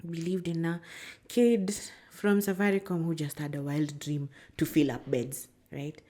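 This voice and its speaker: A woman with a Kenyan accent tells stories from her career in a casual interview. She talks in an animated way, laughs often and slips into Swahili phrases. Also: low-pitched, unhurried. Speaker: brand strategist guest.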